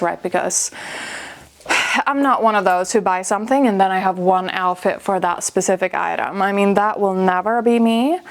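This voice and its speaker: A young woman vlogging from her wardrobe as she tries on outfits, gushing and filling her talk with "like", a little out of breath as she moves around. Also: medium pitch. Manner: breathy and a little out of breath while trying on clothes; gushing, filler-heavy, says "like" a lot. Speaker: fashion vlogger. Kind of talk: casual chatty vlog. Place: her home wardrobe room.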